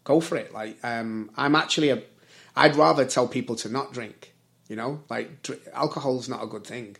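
A man's voice: medium pitch, moderate pace, gravelly, fairly bright tone. A man in his forties from Britain, chatting casually in a rambling way that corrects itself and is full of fillers. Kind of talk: casual chat.

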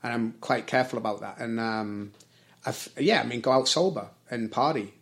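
Man, thirties, gravelly, casual chat, rambling, self-correcting. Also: mid-range voice, fairly quick, fairly bright tone. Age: 30s. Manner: rambling, self-correcting, many fillers and restarts. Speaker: service worker and conversation guest.

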